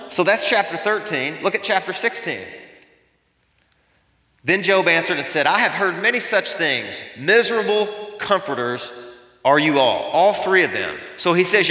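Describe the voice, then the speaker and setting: A man preaching a sermon in a church sanctuary, his voice bright and forceful with a slightly high pitch. He speaks animatedly, firing rhetorical questions at the listeners. The sound rings through a roomy hall with a long reverb. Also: sing-song, moderate pace. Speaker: pastor. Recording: echoey hall.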